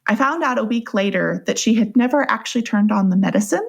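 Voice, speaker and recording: A woman's voice: fairly high pitch, lively intonation, quick pace, creaky. A young adult woman telling her own story as a podcast guest, in a casual, conversational way and often laughing as she goes. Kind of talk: personal storytelling.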